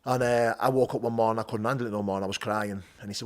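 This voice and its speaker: Blunt Teesside man, low voice. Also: very fast. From North East England. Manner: blunt and animated, swears freely, many restarts. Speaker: guest, bare knuckle fighter. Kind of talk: candid storytelling interview. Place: gym.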